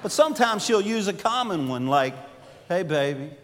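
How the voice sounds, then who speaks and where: A middle-aged male pastor preaching a sermon, swinging between loud emphasis and hushed, intimate asides. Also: high voice, big pitch swings, fairly quick, a little hiss or hum. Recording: long hall reverb.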